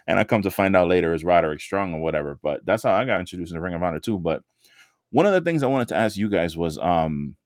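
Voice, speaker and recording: Male podcast co-host, lowish voice, dry close sound, animated profane storyteller. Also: fast, no room sound. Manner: animated storytelling, heavy swearing, acts out quotes. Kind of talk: casual wrestling chat.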